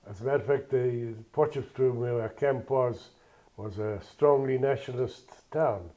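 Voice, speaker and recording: A man's voice: medium pitch, moderate pace, dark tone. An older man from South Africa telling his life story in an oral history interview, plainspoken and digressive.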